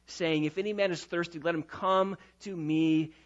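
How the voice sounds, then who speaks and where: High-voiced preaching pastor, lo-fi. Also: male voice, fairly even intonation, moderate pace. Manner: preaching with rising and falling intensity, sometimes loud. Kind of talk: sermon.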